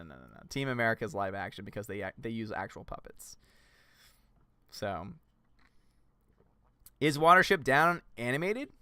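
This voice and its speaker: Bright, crisp-voiced man hosting a livestream. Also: mid-range voice, dry recording, studio quality. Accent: Southern US. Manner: playful, joking, laughs often. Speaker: livestream host. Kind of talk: casual livestream chat with viewers.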